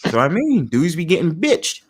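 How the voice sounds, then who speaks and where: A man's voice: a little high, huge pitch swings, moderate pace, slightly rough. A man hosting a livestream, talking in a blunt, opinionated way and swearing freely. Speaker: livestream host. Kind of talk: casual livestream talk.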